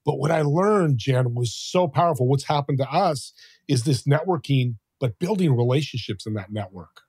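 Animated older man telling stories. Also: mid-range voice, moderate pace, breathy edge, no echo, studio quality. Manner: animated, acts out quoted voices. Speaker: podcast guest. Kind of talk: conversational storytelling.

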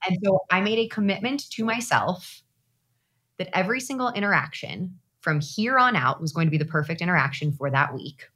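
A woman guest on a podcast, telling a personal story in a casual, animated way and acting out her own past thoughts. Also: lowish voice, fairly quick.

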